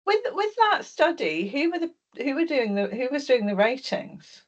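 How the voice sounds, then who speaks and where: A woman hosting and chairing a question session on a video call, chatty and quick to laugh. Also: sits high, very animated, dull audio. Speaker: event host.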